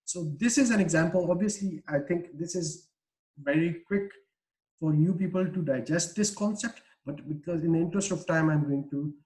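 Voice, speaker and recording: A man explains his research in a video-call webinar, his talk full of "uh"s and false starts. He speaks at a moderate pace in a slightly high, darkish voice over a rough recording.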